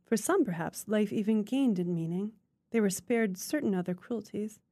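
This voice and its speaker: A woman reading a literary short story aloud in a measured, unhurried way. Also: mid-range voice, mellow, no room sound. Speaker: guest reader.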